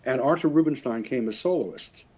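Older male musician, husky voice, middle pitch, loose chuckling storyteller; dull lo-fi recording. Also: normal speed, a little mellow. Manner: rambling, chuckling, self-correcting. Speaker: interviewee, French horn player. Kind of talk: casual anecdotal storytelling.

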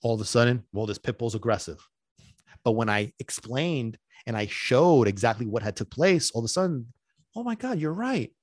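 A man's voice: medium pitch, normal speed, dry recording, clean studio sound. A middle-aged man, a dog trainer hosting his podcast in casual talk, emphatic and repetitive, often asking whether listeners follow him.

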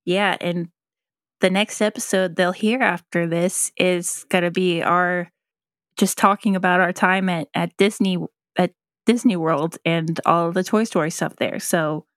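A woman's voice: fairly low pitch, steady tone, dry recording. Chatty woman podcast co-host, dry sound. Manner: chatty, laughs often, quick asides. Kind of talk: casual chat.

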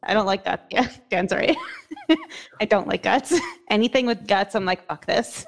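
A woman's voice: mid-range voice, normal speed, vocal fry. A woman co-hosting a casual movie podcast, blunt and often laughing, with some swearing. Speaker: podcast co-host.

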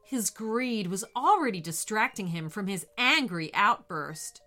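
A woman narrating a bedtime storybook in a slow, soothing, expressive way. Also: medium pitch, faint music behind.

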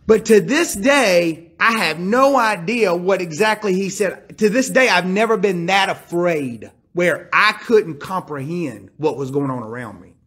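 A man with a notably high voice delivers a sermon, telling a personal story before turning to scripture. He drops into hushed tones and then climbs back up with emphatic, rising delivery. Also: animated, a little slow, few pauses, husky. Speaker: preacher.

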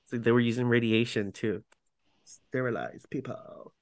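A man's voice: mid-range voice, steady tone, moderate pace. A man hosting a podcast reads from his notes in a mid-range voice, breaking off into casual, self-mocking asides whenever a foreign word trips him up. The sound is close and dry, with no room echo. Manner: stumbles over foreign words, self-mocking. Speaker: podcast host. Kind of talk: reading prepared narration with casual asides.

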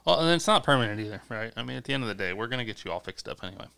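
A man's voice: mid-range voice, expressive, very fast, gravelly, bright, forceful tone, clean tone. A man co-hosting a casual podcast, bantering loosely with plenty of swearing. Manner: laid-back, profane banter. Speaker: podcast co-host. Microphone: studio podcast mic.

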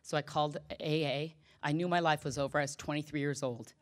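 In a low-pitched voice with fairly even intonation, a middle-aged woman tells a group about her recovery, a little fast. It's a candid personal testimony, emotional and self-deprecating.

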